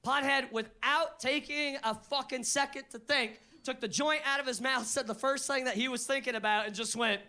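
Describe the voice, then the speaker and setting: Loud, high-voiced male stand-up comic. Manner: loud, profane, excitable, jumps into shouted voices for others. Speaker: stand-up comedian. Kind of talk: stand-up comedy set. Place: live comedy venue with audience laughter.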